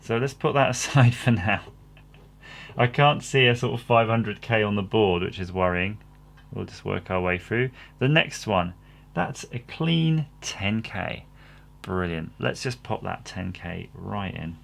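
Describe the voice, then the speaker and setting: Gravelly man rambling at his workbench. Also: lowish voice, expressive, unhurried. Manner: rambling and self-deprecating. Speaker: electronics kit builder, channel host. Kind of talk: casual workbench commentary.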